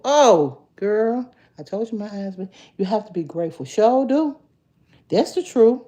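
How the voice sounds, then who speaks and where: A woman hosting a casual livestream, chatting straight to her viewers, jumping to high excited calls. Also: unhurried, highs cut off. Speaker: livestream host.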